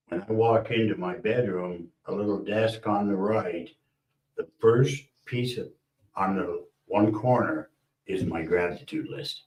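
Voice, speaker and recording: A man's voice: sits low, a little mellow, reverberant, rough recording. A man speaking as a guest in casual chat, blunt, joking and earnest.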